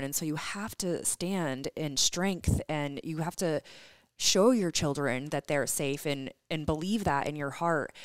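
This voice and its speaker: A woman's voice: deep voice, smooth, no echo. A woman interviewing a couple on a podcast, emotional and rambling with many fillers. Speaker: podcast host interviewing guests. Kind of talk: conversational interview.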